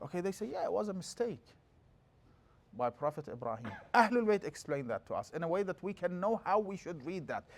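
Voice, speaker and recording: A middle-aged man lectures a class as a religious teacher, his speech brisk and rapid. His voice sits a little high for a man. He moves lively through explanations and slips into quick chanted scripture.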